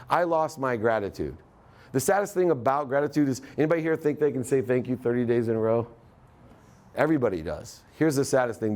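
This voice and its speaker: Telling stories during a live motivational talk, a middle-aged man performs the quoted lines of each character himself. His voice is medium-pitched and somewhat dark.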